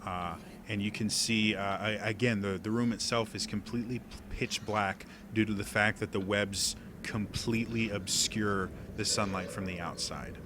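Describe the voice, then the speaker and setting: Game master, male, lower pitch, unpolished delivery full of fillers, noisy recording. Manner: halting narration with many fillers. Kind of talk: narrating a tabletop game. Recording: steady background noise.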